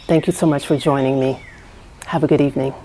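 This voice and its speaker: A woman with a low voice talks to her camera in a casual, earnest vlog. She encourages her viewers warmly, restarting her sentences and adding fillers as she goes. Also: fairly even intonation, fast, a little hiss or hum. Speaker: vlogger. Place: house she is house sitting.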